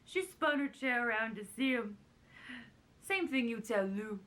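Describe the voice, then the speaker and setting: A woman doing a raspy, quavering older showbiz grande dame while reading a storybook page aloud theatrically. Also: on the high side, animated, a little slow, fairly bright tone.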